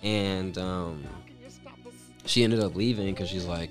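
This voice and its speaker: A man's voice: sits low, fairly even intonation, slow, over music. A man chatting casually as a guest, telling stories in a rambling, profane way full of fillers. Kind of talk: casual storytelling chat.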